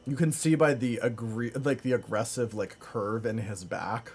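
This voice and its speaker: A man's voice: mid-range voice, unhurried, darkish tone, breathy edge. A man live-streaming from home, chatting casually with viewers, rambling with lots of fillers and frequent laughs. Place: home room.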